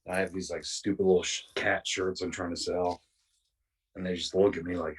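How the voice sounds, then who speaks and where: A man with a low, husky voice tells a rambling, profane story in casual podcast chat. He sits a little back from the mic and drops into quick impressions of the people he describes. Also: flat delivery, recorded from a distance. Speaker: podcast guest.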